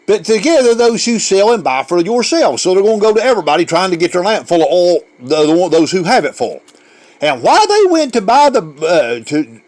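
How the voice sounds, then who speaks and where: A middle-aged man preaching with fervent, emotional urgency, often repeating himself and restarting mid-thought. His voice sits high and swoops widely, rising and falling as he presses his point. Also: darkish tone. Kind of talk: preaching a sermon.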